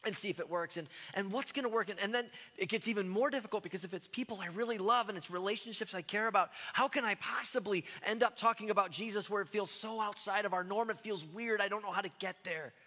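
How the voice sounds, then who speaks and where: A man from the United States preaching a sermon in a conversational, self-deprecating way, with animated asides. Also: sits high, quick pace, hardly any pauses, long reverb tail. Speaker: pastor.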